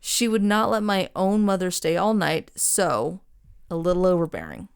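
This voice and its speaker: A young woman co-hosts a podcast, casually retelling a true crime story at normal speed in a lowish, clear, resonant voice with lively intonation. She rambles and swears freely, with frequent ums and restarts.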